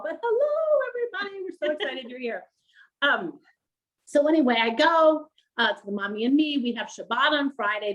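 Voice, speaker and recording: A middle-aged woman telling her story as an interview guest, animated and laughing often as she acts out quoted voices. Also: on the high side, rough recording. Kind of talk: storytelling on a livestream.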